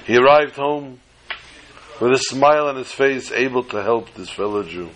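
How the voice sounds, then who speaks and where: A man telling a religious story to listeners in a measured, dramatic way. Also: medium pitch, fairly bright tone, low-quality recording.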